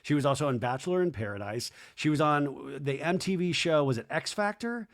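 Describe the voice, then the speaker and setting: A man's voice: fairly high pitch, expressive, fairly quick. A man hosting a podcast, recapping a reality show in a chatty, sarcastic way, slipping into mock voices when he quotes people. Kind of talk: casual recap commentary.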